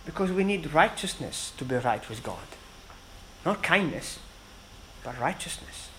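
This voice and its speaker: A man preaching a sermon in an earnest, emphatic way, with dramatic pauses between phrases. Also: on the high side, lively intonation, a bit bright, a little hiss or hum, low-quality recording.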